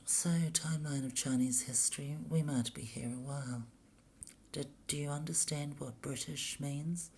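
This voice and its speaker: A woman's voice: low-pitched, fairly even intonation, normal speed, background noise. A woman reading history pages aloud in a half-whispered mutter, grumbling and swearing constantly as she goes. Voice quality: often whispered, gravelly.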